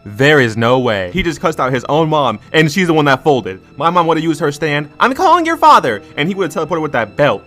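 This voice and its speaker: A man's voice: on the high side, expressive, brisk, hardly any pauses, fairly bright tone. A young man giving a slangy, joking commentary that recaps an anime. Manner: slangy, joking, puts on character voices. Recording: music playing underneath.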